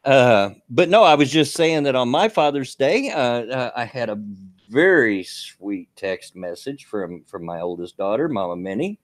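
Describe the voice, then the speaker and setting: A man's voice: medium pitch, expressive, unhurried, no echo, clean studio sound. A man, hosting a live stream in a folksy, rambling way with many fillers and restarts. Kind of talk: casual chat.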